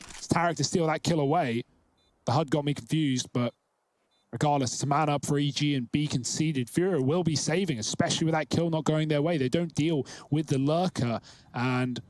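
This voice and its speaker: A man calling live esports play-by-play, quick and chatty as he breaks down tactics. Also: a little high, darkish tone. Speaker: esports caster.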